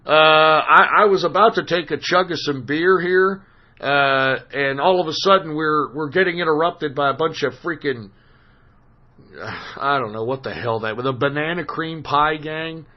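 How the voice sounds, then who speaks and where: A man hosting a call-in radio show, ranting in an exasperated, profane way, his voice hoarse from screaming. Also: on the high side, a little slow. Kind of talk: profane talk radio rant. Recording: dull lo-fi stream audio.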